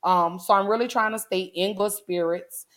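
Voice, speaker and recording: A woman's voice: medium pitch, steady tone, moderate pace, fairly bright tone. A woman in her forties hosting a casual livestream, talking earnestly to her viewers and holding back tears. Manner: earnest, heartfelt, many "um"s, addresses chat as "y'all". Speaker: livestream host.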